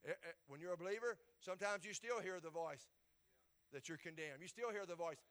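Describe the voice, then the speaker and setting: High, bright preacher man. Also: brisk. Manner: repeats words, builds to loud shouted peaks. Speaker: pastor. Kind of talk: sermon.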